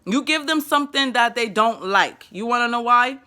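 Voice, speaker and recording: A young woman with a New York accent talks straight to the camera in a vlog. Her voice is bright and forceful. She talks fast and with emphasis, tripping over and repeating words as she gives parenting advice. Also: a little high, lively intonation. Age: 20s. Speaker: parenting vlogger.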